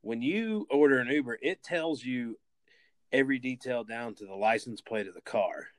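Regular guy voice, mid pitch, teasing his buddy w questions. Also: lively intonation, normal speed. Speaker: podcast co-host. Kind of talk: casual chat.

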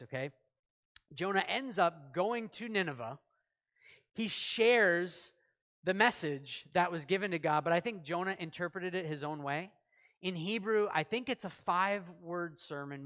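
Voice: medium pitch, lively intonation, normal speed, a bit bright. A pastor preaching a sermon in a church service, talking conversationally, asking the congregation questions and acting out short quoted lines.

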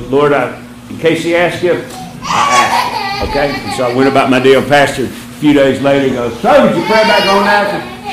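A man telling a personal faith testimony in a lively storytelling style, acting out the other people in the story with big jumps in his voice. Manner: animated storyteller, acts out quoted voices with big pitch jumps. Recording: roomy with faint ambient noise.

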